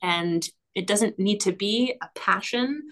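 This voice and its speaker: A woman talking as a podcast guest in relaxed, conversational speech. She sounds enthusiastic and reflective, often pausing on fillers and laughing lightly between thoughts. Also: medium pitch. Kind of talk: casual conversational interview.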